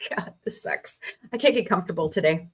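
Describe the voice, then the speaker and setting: A woman's voice: on the low side, a bit bright, slightly rough. A woman from Missouri hosting a casual live stream, chatty and rambling with frank asides to her viewers. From Missouri, USA. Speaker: livestream host.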